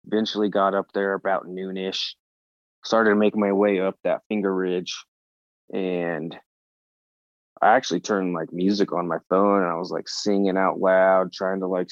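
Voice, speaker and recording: A man on a podcast as the guest, telling a story in casual talk, animated and swearing freely as he acts out his own reactions. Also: low-pitched, normal speed, no echo, dull audio.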